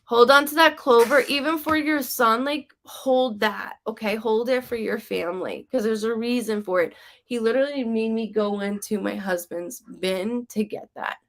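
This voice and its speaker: A woman's voice: fairly high pitch, moderate pace. A woman psychic medium giving casual live-stream readings, chatty and rambling with lots of "like" and "um", passing spirit messages on to viewers.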